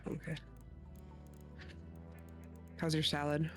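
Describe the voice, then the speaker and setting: Slow-talking, lower-voiced young woman. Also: monotone, faint music behind. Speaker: guest streamer. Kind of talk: casual gaming chat.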